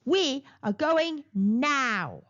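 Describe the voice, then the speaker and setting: A woman's voice: sits high, lively intonation, drawn-out words, fairly bright tone, heavily acted. A woman voicing a firm, commanding mother shark, on a dull lo-fi recording. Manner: firm, declaring.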